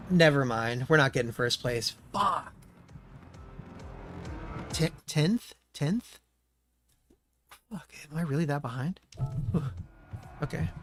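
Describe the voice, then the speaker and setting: A man's voice: a little high, fairly bright tone. A man streaming a racing game, muttering to himself and swearing often as he chats. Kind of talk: casual gameplay commentary.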